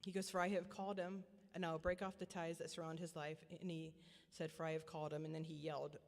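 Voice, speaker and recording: A middle-aged woman giving a personal testimony as a parent, earnest and repetitive, often halting and restarting her sentences. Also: on the low side, flat delivery, vocal fry. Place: church hall. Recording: long church hall reverb.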